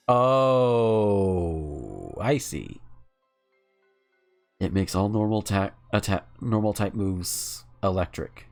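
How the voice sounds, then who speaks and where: A young adult man from the American South, giving animated live commentary while gaming, cursing and laughing at the game. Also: lowish voice, drawn-out words, long pauses, soft background music. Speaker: game streamer.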